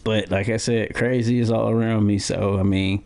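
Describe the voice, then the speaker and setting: A man's voice: lowish voice, fairly even intonation, normal speed, creaky, darkish tone. Rambling, stammering male podcast host. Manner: rambling, repeats words and restarts often. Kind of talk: casual podcast chat and storytelling.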